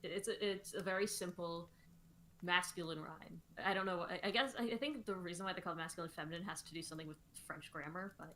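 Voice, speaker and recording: Bright-voiced woman explaining on a stream. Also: on the low side, fast, slight background noise. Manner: explanatory, many fillers and restarts. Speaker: co-host songwriter. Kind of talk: casual livestream chat.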